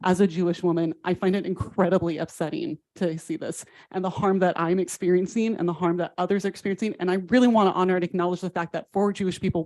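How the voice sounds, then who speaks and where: A woman's voice: on the low side, darkish tone. A woman teacher giving an earnest, firm public comment at a school board meeting.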